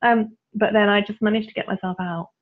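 A woman, a guest coach who tells stories with frequent laughter and leads clearing statements in a conversational interview. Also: medium pitch, fairly quick. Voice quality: laughs often, animated storytelling. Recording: tinny phone-like line.

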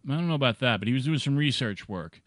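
A man's voice: medium pitch, animated, no room sound, clean studio sound. A man co-hosting a podcast, chatting and telling a ghost story while drinking, on a mic with a foam windscreen. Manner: chatty, laughing, drawn-out storytelling. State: drinking beer. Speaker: podcast co-host. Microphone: studio mic with foam windscreen.

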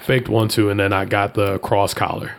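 A man in a casual chat, telling a story and voicing the people in it, leaping up in pitch when he quotes them. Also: normal speed, vocal fry. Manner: animated, jumps high when quoting people.

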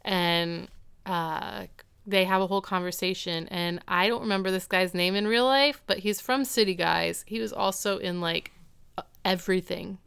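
A woman's voice: medium pitch, moderate pace, vocal fry, a bit bright, smooth. A woman in her thirties co-hosting a podcast, chatting and animatedly retelling a TV episode. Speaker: podcast co-host. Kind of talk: casual recap chat.

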